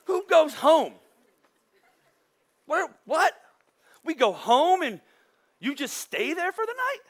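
Speaking slowly, a pastor delivers his sermon in a lively, chatty way packed with playful asides to the congregation. His voice sits high for a man and carries a bright, forceful edge.

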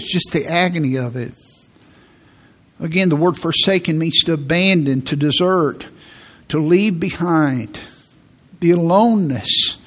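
A male pastor delivers a sermon at an unhurried, deliberate pace. His voice sits slightly high for a man, and he speaks earnestly, restating words as he works through his point. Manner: earnest, repeats words while preaching.

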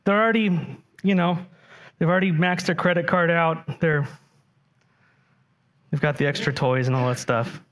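A man preaching a sermon, animated and often putting questions to the congregation. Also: on the high side, moderate pace, long pauses. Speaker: pastor.

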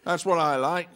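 A man's voice: a little high, a bit bright. A male pastor preaching a sermon, reading scripture and joking with a chuckle between verses.

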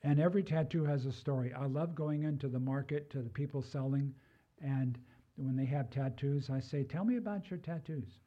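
A man's voice: medium pitch, little pitch movement, normal speed, dark tone, highs cut off. An older man preaching a sermon in a conversational way, with personal asides. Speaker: pastor.

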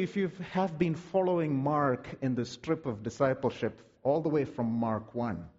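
Husky, lively male preacher. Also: mid-range voice, big-room sound, highs cut off. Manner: dramatic, vivid storytelling with drawn-out words. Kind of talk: sermon.

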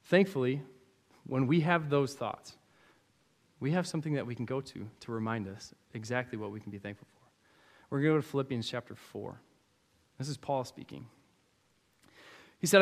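A man preaching a sermon, telling stories from teaching kids and acting out their replies in a lively way. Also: medium pitch, moderate pace, pauses often. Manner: animated storyteller, acts out students' replies. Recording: long hall reverb.

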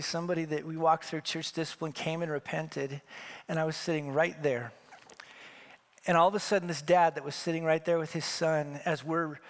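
A middle-aged male pastor from Wyoming preaching a sermon, telling a story and acting out the dialogue with rising emphasis. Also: a little high.

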